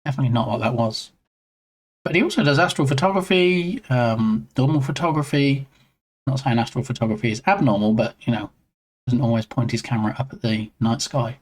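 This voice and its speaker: A man's voice: mid-range voice, a little fast. A man streaming live and chatting casually with his viewers in a rambling way, greeting them by name.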